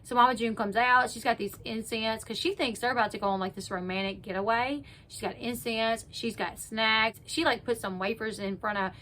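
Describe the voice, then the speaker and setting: A woman's voice: a little high, steady tone, normal speed, few pauses, a bit bright, a little hiss or hum. A woman casually retelling a TV episode for her channel, chatty and full of "like", acting out what people said. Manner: chatty, peppers speech with "like", acts out quotes. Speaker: YouTube recap host.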